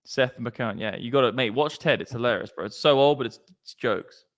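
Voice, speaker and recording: A man's voice: medium pitch, a little fast. A man hosting a casual crypto livestream, chatty and slangy, swearing freely. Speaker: crypto stream host.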